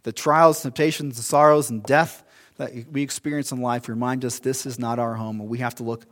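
A man's voice: mid-range voice, fairly even intonation, brisk. A male pastor preaching a sermon in a conversational, storytelling way, with asides and restarts.

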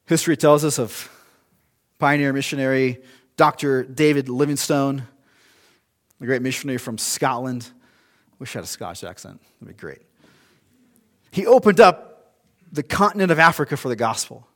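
A man's voice: mid-range voice, normal speed, long pauses, a bit bright. A male pastor preaching a sermon in a conversational, storytelling way, with asides and restarts.

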